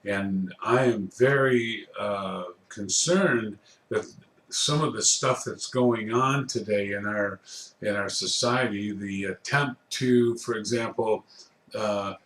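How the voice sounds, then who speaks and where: Middle-aged male lecturer, unhurried and hesitant, fairly low voice, roomy echo. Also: fairly bright tone. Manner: slow, hesitant, many fillers. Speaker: college ethics instructor. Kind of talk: recorded course lecture.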